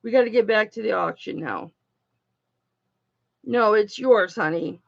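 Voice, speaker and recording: Slow, gravelly-voiced woman hosting a livestream. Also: mid-range voice, lo-fi sound. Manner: affectionate, emotional, rambling, addresses viewers as honey and baby. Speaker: jewelry auction livestream host. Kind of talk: casual livestream chat.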